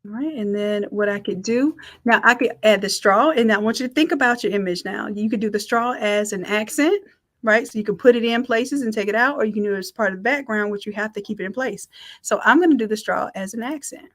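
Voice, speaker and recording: This design instructor has a mid-range voice and a fairly quick pace. She teaches a live software class in a chatty, upbeat way, narrating her thoughts as she goes.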